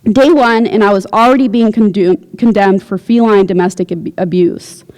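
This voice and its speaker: A woman's voice: mid-range voice, moderate pace, darkish tone. Woman reading fiction in an echoey hall. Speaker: visiting writer. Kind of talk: reading her fiction aloud. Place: university lecture hall.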